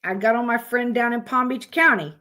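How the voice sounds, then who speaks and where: A woman's voice: fairly high pitch, fairly quick, pushed and bright. A woman, hosting a casual live stream, blunt and profane as she chats with her viewers.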